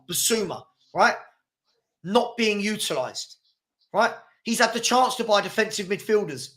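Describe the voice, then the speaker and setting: Forceful, insistent man debating. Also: high voice. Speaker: host. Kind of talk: heated football debate.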